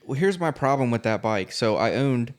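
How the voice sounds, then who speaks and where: A man co-hosting a casual podcast chat, relaxed and talking through his own experiences. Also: medium pitch, normal speed. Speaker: podcast co-host.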